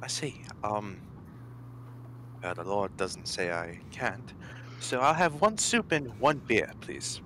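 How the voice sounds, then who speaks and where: A man's voice: lowish voice, very animated, takes it slowly, noisy background. A man playing a tabletop game, speaking in character in a polite, proper manner. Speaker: player. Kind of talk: casual play at a tabletop game.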